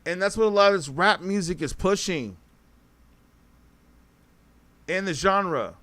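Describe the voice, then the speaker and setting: A man's voice: high-pitched, animated, normal speed, fairly bright tone. A man hosting a casual livestream podcast, talking straight to his chat in a rambling, self-correcting way. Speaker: podcast host reading live chat.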